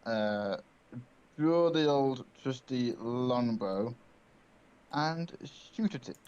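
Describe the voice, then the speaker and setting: A man taking his turn at a tabletop game, thinking his actions through slowly with frequent pauses. His mid-pitched voice comes through a dull, lo-fi mic. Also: expressive, darkish tone, clear, resonant tone. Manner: deliberate and halting, full of pauses. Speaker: player.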